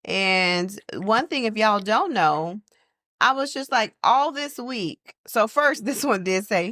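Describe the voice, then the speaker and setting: Woman podcast co-host, casual chat, animated storyteller, rising and falling voice, dry recording. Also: medium pitch, slow pace, no room sound. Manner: animated storyteller, acts out quoted people.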